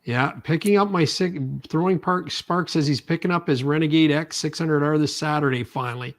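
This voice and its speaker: A man hosting a casual podcast chat, halting and relaxed, reading out listener comments. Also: a little high. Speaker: podcast host.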